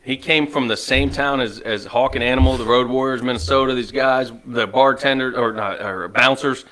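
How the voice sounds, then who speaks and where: A man's voice: mid-range voice, fairly even intonation, normal speed, a bit bright, a little hiss or hum. A man in his forties co-hosting a casual podcast, bantering with enthusiasm and nostalgia. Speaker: co-host. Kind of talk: casual chat.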